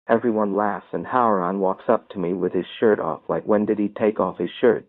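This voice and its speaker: A man reading a first-person story aloud as an audiobook narrator, telling it in a steady storytelling manner. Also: fairly low pitch, moderate pace, few pauses, no room sound. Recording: tinny phone-like dry sound.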